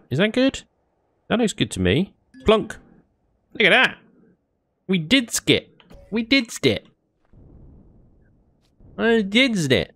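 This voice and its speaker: A man giving casual, chatty let's-play commentary as he builds in a space game, excitable and often laughing. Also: lowish voice. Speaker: gaming YouTuber.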